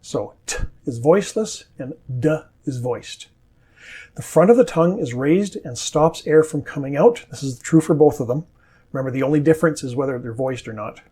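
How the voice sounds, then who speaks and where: A man with a North American accent teaching English pronunciation, saying model words slowly and carefully. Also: on the high side, expressive, warm tone, slightly rough. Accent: standard North American. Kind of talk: scripted pronunciation lesson.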